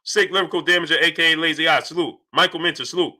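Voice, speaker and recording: Male streamer, high and bright, who keeps repeating rhetorical questions and greets the viewers in the chat by name. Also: steady tone, fast. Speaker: boxing channel host. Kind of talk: livestream commentary, reading chat.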